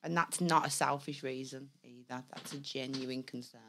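A woman's voice: rumbling low, steady tone, normal speed, noisy background. A woman co-hosting a podcast, chatting frankly and casually and swearing freely. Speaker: podcast co-host. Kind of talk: casual banter.

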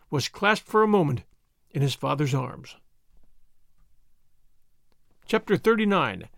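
A man narrating an audiobook in an expressive storytelling manner. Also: high voice, gravelly, dry recording, clean studio sound. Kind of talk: scripted narration.

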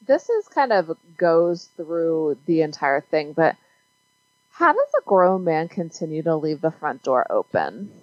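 A woman co-hosting a relaxed movie chat, her low voice rising and falling a lot as she talks. She drifts off her point now and then. The sound is dry and dull, like a lo-fi home recording. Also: unhurried, no echo. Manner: loses track of her point. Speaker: podcast co-host. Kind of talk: casual movie review chat.

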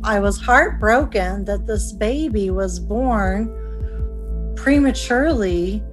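A woman's voice: medium pitch, lively intonation, takes it slowly, music in the background. A middle-aged woman being interviewed, recounting past events in a chatty, emotional way and acting out what people said. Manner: emotional, chatty, acts out remembered dialogue. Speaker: interviewee, mother of the story's subject.

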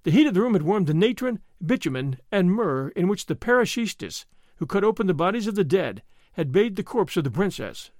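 A man reads a first-person story in an expressive, storytelling way. His voice sits high and moves a lot in pitch, and the recording is close and dry with no room sound. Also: brisk, no room sound. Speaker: audiobook narrator. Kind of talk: scripted narration.

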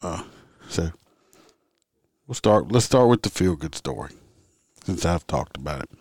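Low-voiced man rambling through a story. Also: expressive, unhurried, a little mellow, breathy edge, no echo, studio quality. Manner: rambling, blunt, occasional swearing. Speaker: podcast host and traffic officer. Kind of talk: casual storytelling monologue.

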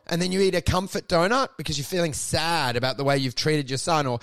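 A man co-hosting a podcast in casual comedic chat, animated and swearing, slipping into put-on voices. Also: on the high side, fast talker, few pauses, no room sound. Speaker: podcast co-host.

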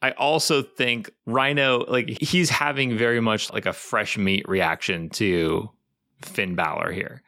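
A man co-hosting a podcast, talking in a relaxed, thoughtful way with plenty of fillers. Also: lowish voice, measured pace, gravelly, dry recording, studio quality. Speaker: podcast co-host. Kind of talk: casual chat.

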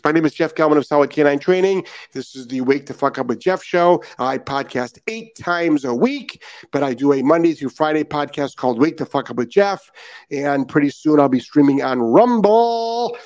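A man's voice: a little high, no echo. A middle-aged man hosting a casual morning podcast, talking bluntly and emphatically and repeating his points. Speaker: podcast host and dog trainer.

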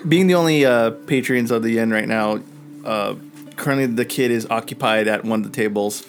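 A man narrating as game master of a tabletop game, in a loose, halting way full of fillers and restarts. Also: mid-range voice, soft background music.

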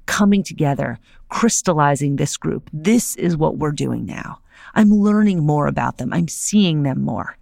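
A middle-aged woman hosting a solo podcast, talking in an animated, conversational way and often checking in with "right?". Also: sits low, a little slow, creaky, no room sound, clean studio sound. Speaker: podcast host. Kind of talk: solo podcast monologue on philosophy.

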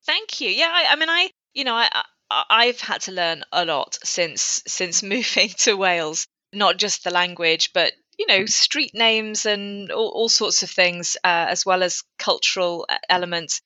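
Woman writer chatting, bright edgy voice, keeps restarting her sentences, kinda muffled dry audio. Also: medium pitch, animated, unhurried, hardly any pauses, dry recording. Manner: thoughtful, with frequent restarts. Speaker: author guest. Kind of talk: casual interview chat. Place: lives in North Wales.

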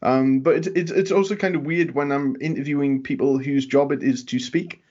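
A man with a softened Geordie accent hosting a casual interview podcast, chatty and laughing often, with plenty of fillers. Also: medium pitch, fairly even intonation, normal speed, breathy edge, lo-fi sound. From England. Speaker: podcast host.

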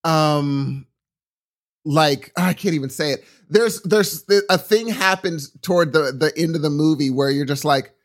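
A middle-aged man telling a story in casual podcast chat, rambling and animated, often restarting his sentences. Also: on the high side, unhurried. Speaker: podcast co-host.

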